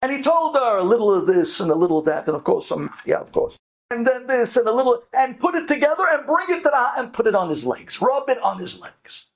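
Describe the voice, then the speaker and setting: A man, a rabbi and storyteller, telling a family story in an animated, dramatic way and mixing in Hebrew words. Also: sits high, a little fast, gravelly. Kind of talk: lively storytelling talk.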